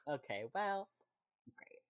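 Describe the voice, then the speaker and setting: A woman's voice: mid-range voice, big pitch swings, takes it slowly. A young woman co-hosting a podcast, casually recapping a TV episode, chatty and laughing often as she acts out the characters' lines. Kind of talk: casual chat.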